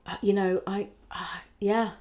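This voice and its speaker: A woman comedian chatting on a podcast, telling rambling, animated stories with swearing and acted-out quotes. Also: mid-range voice, measured pace. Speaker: comedian guest. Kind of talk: casual podcast chat.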